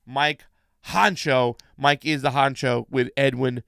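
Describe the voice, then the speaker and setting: A man's voice: medium pitch, fairly even intonation, takes it slowly, vocal fry, clean tone, dry recording, clean studio sound. A man hosting a casual political live stream, chatting and reading out viewer comments. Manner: chatty, reads viewer shout-outs. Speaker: political show host.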